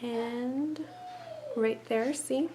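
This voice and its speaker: A woman's voice: on the high side, extremely slow, dark tone, a little hiss or hum. A woman giving a casual hair-wrapping tutorial, chatty and rambling, a little winded with a stuffy nose, muttering to herself as she works.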